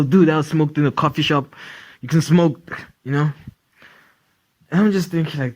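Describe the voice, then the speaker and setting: A man's voice: fairly high pitch, normal speed, pauses often. A man hosting a casual comedy podcast, rambling and profane, with lots of fillers. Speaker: podcast host.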